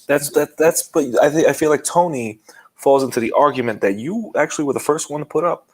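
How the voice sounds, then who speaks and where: A man co-hosting a casual podcast, talking in a halting, playful way with frequent restarts. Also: a little high, rough recording. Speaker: podcast co-host.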